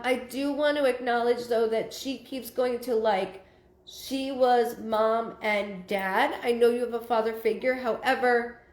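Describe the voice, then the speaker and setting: A woman with a slightly high voice works through a live psychic reading, pausing on fillers and restarting her sentences as she relays spirit messages. Her voice rings in an echoey room. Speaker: psychic medium.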